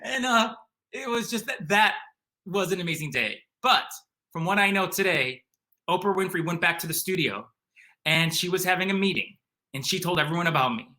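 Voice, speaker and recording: A young man from the area, eagerly telling a personal story in an animated way, full of "like" and "um". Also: high-pitched, brisk. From Chicago area. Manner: animated, excitable, uses lots of "like" and "um". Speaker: storyteller guest.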